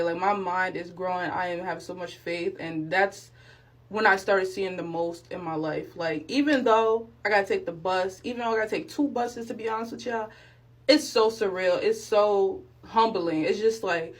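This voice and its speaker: Young adult woman vlogger, lively storyteller, plays her own reactions, earnest about faith. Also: mid-range voice. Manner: animated, acts out her own reactions and quotes; sincere, speaks of faith. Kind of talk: casual storytime testimony.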